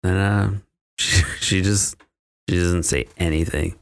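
Very deep gravelly guy on a podcast, rambling and swearing through a movie recap. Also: fairly even intonation, slow pace. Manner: rambling, profane, laughing often. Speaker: podcast co-host recapping a film. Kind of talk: casual chat.

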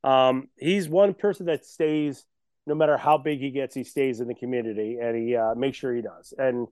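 A man's voice: mid-range voice, moderate pace, darkish tone, clean tone, no echo. A man chatting casually on a podcast as a guest, boastful and joking. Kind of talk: casual chat.

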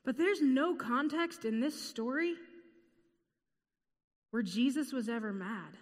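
A woman preaching a sermon in an earnest, measured way, repeating key phrases. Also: sits high, expressive, big-room sound.

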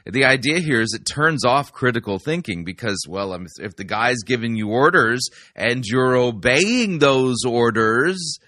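Dry-voiced man with sarcastic, lively commentary. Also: mid-range voice, unhurried, hardly any pauses, no echo. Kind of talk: critical commentary.

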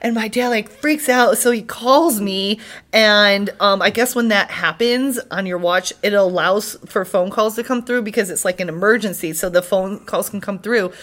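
A young woman, a podcast guest, casually telling an animated story with frequent "like" fillers. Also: mid-range voice, moderate pace. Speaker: podcast guest, CrossFit athlete.

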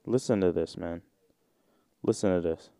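A man's voice: low voice, moderate pace, mellow, clear, resonant tone. A man in his twenties from the United States, hosting a solo podcast in a rambling, joking, slangy way. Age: 20s. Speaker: podcast host. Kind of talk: casual solo podcast chat.

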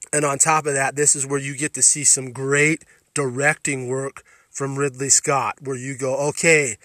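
A man's voice: medium pitch, sharp tone, no echo, studio quality. A man hosting a podcast, giving a blunt film review full of profanity and emphatic restarts. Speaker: podcast host reviewing films.

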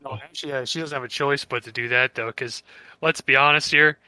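A man in casual chat, blunt and profane, quick to laugh. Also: mid-range voice, fairly even intonation, sharp tone, clear, resonant tone.

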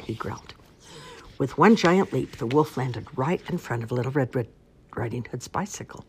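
A woman reads a children's storybook aloud in a measured, expressive way. Her voice is very low for a woman and has a husky grain. She takes her time over each line. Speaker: narrator.

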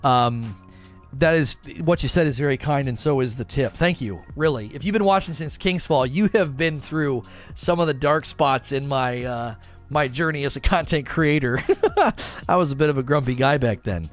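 A man's voice: mid-range voice, normal speed, faint music behind. A man in his thirties casually hosting a live stream Q and A, reading viewer messages aloud and joking about himself. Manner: chatty, self-deprecating, reads chat aloud.

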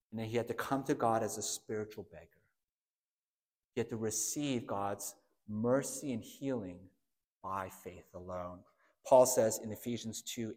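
A man preaching a sermon as pastor, swinging between hushed asides and loud, emphatic outbursts. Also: fairly low pitch, in a large hall.

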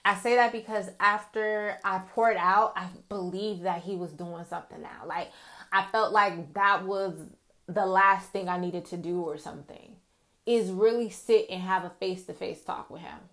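A Christian vlogger with a medium-pitched, fairly bright voice and fairly even intonation shares her testimony at a moderate pace. She talks openly and earnestly to her viewers about prayer and her faith, in a confiding, casual way.

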